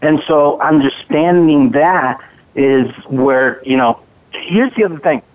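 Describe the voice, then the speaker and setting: A man's voice: a little high, slow pace. A man speaking as a body language expert on a radio show, talking confidently and emphatically over a phone line. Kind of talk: conversational radio interview.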